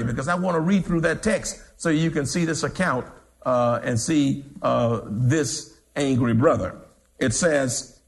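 A male preacher delivers a sermon, reading scripture aloud and building to dramatic, shouted emphasis. His voice sits high and moves with wide, animated swings in pitch.

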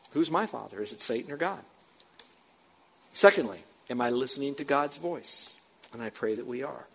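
A male pastor preaching an emphatic sermon, repeating words for stress and swinging between loud and soft. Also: on the high side. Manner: emphatic, repeats for stress, rises and drops loudness.

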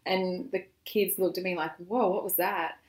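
A woman co-hosting a podcast, telling lively stories about family life. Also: lowish voice, normal speed. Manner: animated storyteller, acts out quotes. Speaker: podcast co-host. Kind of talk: casual chat. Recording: roomy echo.

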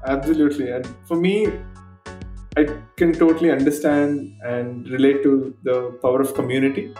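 A male podcast host with a middle-pitched voice, thoughtful and agreeable as he reflects on what his guest says. The recording sounds roomy and echoey. Faint music sits underneath. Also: steady tone, normal speed, mellow. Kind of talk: casual interview conversation.

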